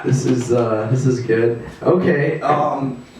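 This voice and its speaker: A male comedian doing a stand-up set at a house party, rambling with lots of fillers and halting restarts. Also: mid-range voice, noisy background. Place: living room at a house party. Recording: echoey room from far off.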